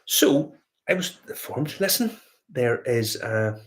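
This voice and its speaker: A man's voice: medium pitch, lively intonation, slow pace. A Northern Irish man hosting a whiskey review show, telling a rambling anecdote in casual chat, full of fillers and restarts. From Northern Ireland.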